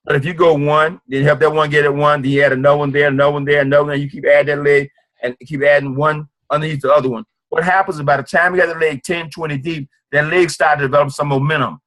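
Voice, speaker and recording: A man's voice: on the high side, flat delivery, quick pace, fairly bright tone. A man giving a motivational sales presentation at a business meeting, emphatic and repetitive. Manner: emphatic and repetitive, preacher-like drive.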